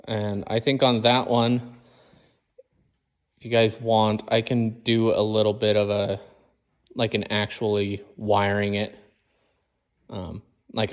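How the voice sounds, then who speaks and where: A man in his garage, casually explaining each step of his truck build in plain shop talk. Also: on the low side. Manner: walks through each step plainly, calls the engine "she". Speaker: mechanic filming his own truck build. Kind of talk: casual how-to vlog.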